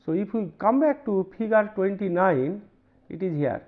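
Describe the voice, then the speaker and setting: With a high voice and lively intonation, a man with an Indian English accent delivers a university lecture, working through examples amid many pauses, repeats and "right?" checks. The sound is confined to a narrow, phone-like band.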